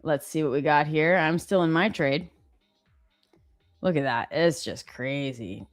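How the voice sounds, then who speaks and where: A woman's voice: deep voice, unhurried, no echo, soft background music. A woman hosting a live trading stream, chatting casually, reading viewer comments and laughing often. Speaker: livestream host.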